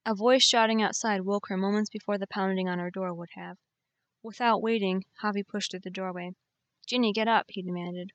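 A woman narrating a novel in an audiobook, reading in a measured, expressive way on a close mic. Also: medium pitch, dry recording, highs cut off.

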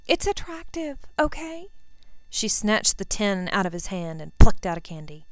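A woman reads a story aloud at an even, unhurried pace. Her voice is lowish and very smooth, recorded close and dry. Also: dry recording. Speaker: reader. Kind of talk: fan fiction audiobook reading.

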